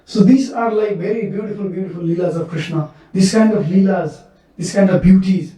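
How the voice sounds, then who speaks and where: A man's voice: sits high, brisk, mellow. A man preaching in a temple, telling devotional stories earnestly with many repetitions. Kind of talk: sermon storytelling. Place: temple hall. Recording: echoey temple hall, mic far off.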